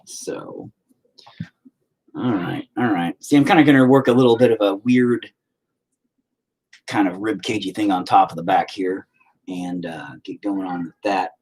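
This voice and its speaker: A man's voice: deep voice, measured pace, pauses often, a little mellow. An American man who hosts his own channel rants casually and profanely while painting, with sarcastic asides. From United States. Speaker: channel host.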